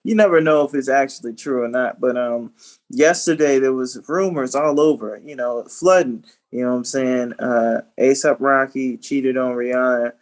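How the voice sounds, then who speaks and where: A man's voice: medium pitch, moderate pace. A young adult man co-hosting a podcast, talking in an easygoing way and chuckling between lines. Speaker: podcast co-host. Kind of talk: casual chat.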